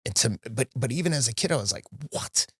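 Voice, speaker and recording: A man's voice: mid-range voice, rapid-fire, slightly rough, dry recording, studio quality. A middle-aged man, a guest on a podcast, speaking candidly in casual conversation and often acting out what he said to himself and others. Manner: candid, animated storyteller who quotes himself. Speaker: podcast guest, marathon runner.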